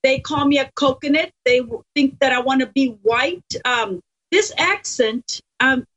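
Emphatic woman, high voice, muffled audio. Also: measured pace, a bit bright. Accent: Californian. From Mexico–Texas border. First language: Spanish. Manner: earnest, emphatic. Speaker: political guest. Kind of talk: casual interview talk.

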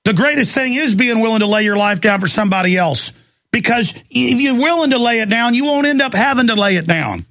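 Angry ranting male talk host, gravelly. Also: very high voice, animated, fairly quick, fairly bright tone, no room sound. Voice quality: angry, intense, gravelly delivery. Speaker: talk show host taking calls. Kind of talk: heated ranting monologue.

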